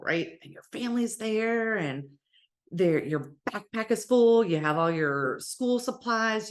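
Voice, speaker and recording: Animated woman giving a spiritual talk. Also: lowish voice. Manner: animated, playful, with cheering put-on voices; warm encouraging address. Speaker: spiritual teacher. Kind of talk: casual spiritual teaching monologue.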